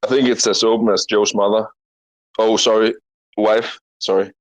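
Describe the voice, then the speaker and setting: A man's voice: lowish voice, level tone, normal speed, low-quality recording. A man on a live audio chat, hyped up and swearing, with an easy laugh. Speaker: guest. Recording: loud music playing behind.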